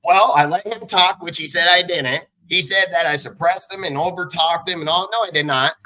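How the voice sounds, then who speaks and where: A man in his forties hosts a livestream and lets loose a profane, combative rant. His voice is sharply bright, tense and forceful, and sits a little high for a man. He talks in quick, blunt, boastful bursts. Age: 40s. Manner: rapid bursts of speech. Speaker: live show host.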